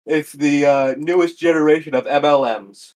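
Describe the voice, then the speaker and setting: A man's voice: a little high, fairly even intonation, moderate pace, darkish tone. A man chatting casually over a voice call, dropping dry jokes and quips.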